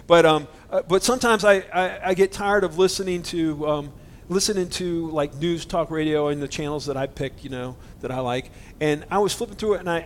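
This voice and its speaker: A man's voice: on the high side, slight background noise. A man preaching a conversational sermon, earnest and indignant, speaking to his listeners directly. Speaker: pastor.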